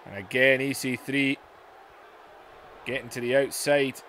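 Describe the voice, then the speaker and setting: A man giving play-by-play wrestling commentary over a video game, excitable, dropping to low muttering and then shouting at the big moves. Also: a little slow, a little hiss or hum. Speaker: gaming YouTuber.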